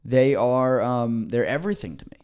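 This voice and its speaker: Dry, teasing young man, mid-pitch. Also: animated, moderate pace, a little mellow, smooth. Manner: dry, teasing, short replies. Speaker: podcast co-host. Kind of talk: casual chat.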